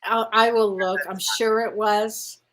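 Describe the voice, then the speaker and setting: A woman's voice: medium pitch, measured pace. A woman guest in casual chat, telling her story with lots of acted-out voices and laughter. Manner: animated storyteller, acts out voices, laughs often.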